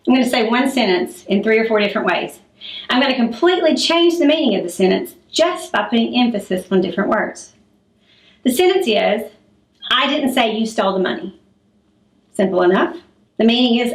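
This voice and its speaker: A middle-aged woman teacher giving a classroom lesson on public speaking, clear and demonstrative as she acts out examples. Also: fairly high pitch, animated, normal speed. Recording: echoey room.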